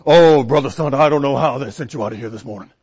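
A man's voice: mid-range voice, fast talker, darkish tone, slightly rough, dry recording. A man voicing a police chaplain captain with a strong, sing-song, commanding voice. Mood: rousing.

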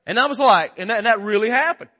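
Guy in his 40s preaching, folksy and jokey, high bright voice. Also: expressive, fast. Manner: folksy, joking, talks straight to the congregation. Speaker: guest preacher. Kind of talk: casual sermon.

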